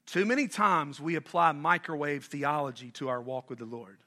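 A middle-aged man from North Carolina preaching a sermon as pastor, animated and conversational, asking the congregation questions and joking with them. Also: fairly high pitch, moderate pace.

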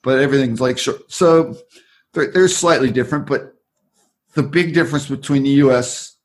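A man's voice: mid-range voice, normal speed. An Australian man talking loosely in a casual interview, rambling through stories with frequent restarts. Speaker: interview guest, former aerial survey worker.

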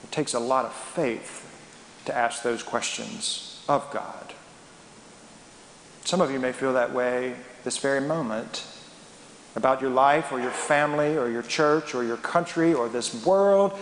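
A man's voice: mid-range voice, a little slow, slight background noise. A man preaching a sermon as a pastor, emphatic and dramatic, asking rhetorical questions. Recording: echoey hall with long reverb.

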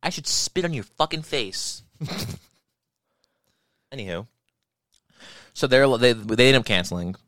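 A man's voice: medium pitch, animated, measured pace, long pauses, fairly bright tone, no room sound. A young man telling rambling, profane stories in casual comedic chat. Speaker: podcast co-host.

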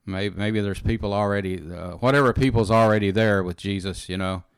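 A man's voice: fairly low pitch, steady tone, a little fast, smooth, dry recording. Earnest man teaching scripture, dry sound. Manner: earnest, repeats phrases, frequent "you know" and "amen". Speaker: preacher teaching in a conversation. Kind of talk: informal Bible teaching.

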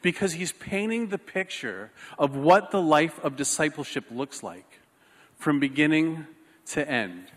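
A man preaching a sermon, telling a personal story in an animated, self-mocking way. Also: fairly high pitch, measured pace, in a large hall. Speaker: pastor.

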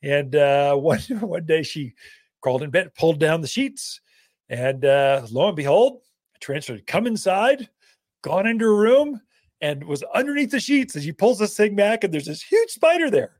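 A man's voice: fairly high pitch, big pitch swings, normal speed, a little mellow, no echo, clean studio sound. A man from Arizona hosting a gardening radio show, telling stories in a folksy, casual way with many loose asides.

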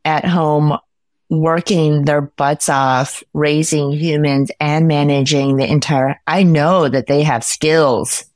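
A woman's voice: low-pitched, steady tone, takes it slowly, a little mellow, no echo, clean studio sound. A woman speaking as a podcast guest in casual conversation, emphatic and opinionated, stacking her points through repetition.

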